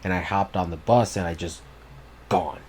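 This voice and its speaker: A man's voice: low-pitched, moderate pace, darkish tone, slight background noise. A man co-hosting a podcast, telling stories in loose, casual chat with heavy swearing. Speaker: podcast co-host.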